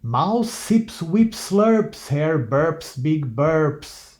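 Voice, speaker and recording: A man reads a rhyming picture book aloud at a very slow, sing-song pace. His voice sits a little high but sounds soft and mellow. Each line falls into a gentle rhythm. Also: sing-song. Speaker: reader.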